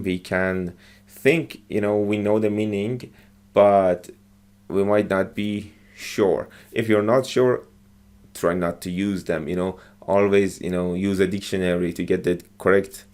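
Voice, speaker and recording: A man with a lowish voice teaches English by explaining phrases from film clips. His delivery is hesitant and halting, full of fillers and restarts.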